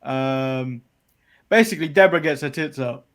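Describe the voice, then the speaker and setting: A man's voice: medium pitch, normal speed, fairly bright tone. A man from the UK hosting a podcast, recapping events casually and laughing often. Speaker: podcast host.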